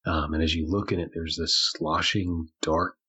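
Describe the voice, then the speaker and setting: A man's voice: very deep voice, little pitch movement, moderate pace, bright, forceful tone, slightly rough. A man narrating a tabletop game as game master, loose and searching with fillers.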